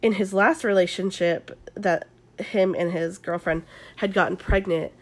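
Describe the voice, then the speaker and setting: A woman's voice: medium pitch, steady tone, a little slow. A young woman hosting an ASMR-style recap, talking chattily with lots of fillers and casual swearing. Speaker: podcast host recapping a reality show.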